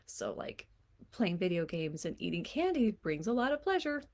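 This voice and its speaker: Woman, 40s, life coach; casual solo talk, warm, chatty, quick to laugh. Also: mid-range voice, sing-song. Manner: warm, chatty, laughs often, slips into playful voices.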